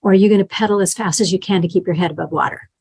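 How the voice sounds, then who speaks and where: A woman's voice: on the low side, very fast, vocal fry, darkish tone, breathy edge. A middle-aged woman teaching a health class in a conversational way, checking in with her listeners and telling patient stories. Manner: conversational, tells patient stories, acts out quotes.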